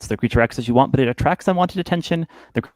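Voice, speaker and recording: A man narrating as game master of a tabletop game, speaking haltingly with many fillers and restarts. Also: medium pitch, darkish tone, dry recording, poor audio.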